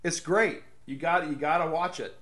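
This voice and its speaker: A man's voice: fairly high pitch, steady tone, normal speed, a bit bright. A man hosting casual political commentary in a sarcastic tone, laughing at his own jokes. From American South. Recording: echoey room.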